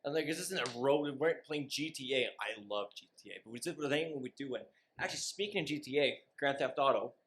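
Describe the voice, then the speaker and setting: A man's voice: mid-range voice, quick pace, few pauses, fairly bright tone, breathy edge. A man, co-hosting a podcast in rambling, joking, profane casual chat. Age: 20s. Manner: rambling, joking, swears freely. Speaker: podcast co-host.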